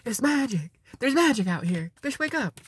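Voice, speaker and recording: A woman's voice: a little high, big pitch swings, normal speed, a little hiss or hum. A woman voicing a sassy bumblebee spirit messenger that tells people bluntly and crudely to wake up. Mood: insistent.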